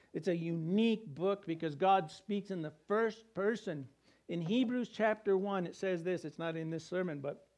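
High-voiced man preaching conversationally. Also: a little mellow. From New Mexico. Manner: conversational preaching with emphatic repetition. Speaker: pastor. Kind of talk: sermon.

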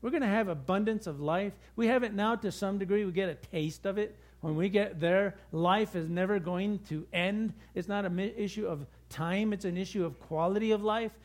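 A middle-aged male pastor preaching a sermon with lively, conversational storytelling. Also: high-pitched, normal speed, few pauses.

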